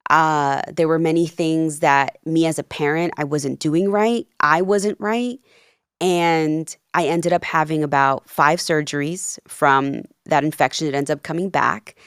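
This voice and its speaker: Woman, life coach, podcast guest, earnest storytelling, low voice, dry close sound. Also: smooth, no room sound. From New Jersey, of Peruvian family. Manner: earnest, animated retelling with quoted dialogue. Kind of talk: candid storytelling in a podcast interview.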